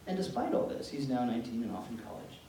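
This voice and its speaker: A man with a Canadian accent giving an informal talk to parents, a lively storyteller who acts out dialogue in changed voices. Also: mid-range voice, quick pace. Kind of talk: informal lecture with acted-out anecdotes. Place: meeting room, large and echoey. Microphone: room mic from a distance. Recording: echoey room from a distance, faint noise.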